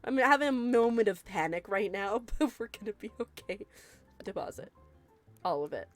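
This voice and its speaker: Woman streamer, bubbly and excitable, lively pitch swings over soft game music. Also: moderate pace. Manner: excitable, gasping and laughing often. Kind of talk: casual live-stream chat while gaming.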